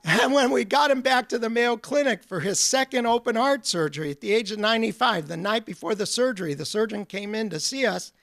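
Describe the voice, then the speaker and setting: Man giving a talk, telling funny stories, high voice, pretty dry sound. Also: expressive, brisk, hardly any pauses, a bit bright, dry recording. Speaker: guest speaker. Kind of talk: storytelling lecture.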